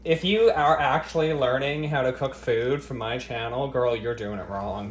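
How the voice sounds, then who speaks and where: A man's voice: mid-range voice, normal speed. A man vlogging as he cooks in his home kitchen. He talks straight to his viewers in a profane, sarcastic, mock-dramatic way and teases them. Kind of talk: cooking vlog chat to camera. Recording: echoey kitchen with faint ambient noise.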